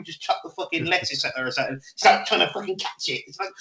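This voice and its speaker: A man's voice: high-pitched, expressive, rapid-fire, vocal fry, few pauses, sharp tone, reverberant, rough recording. A man, co-hosting a casual podcast chat and telling rowdy stories between laughs, with plenty of swearing. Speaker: podcast co-host.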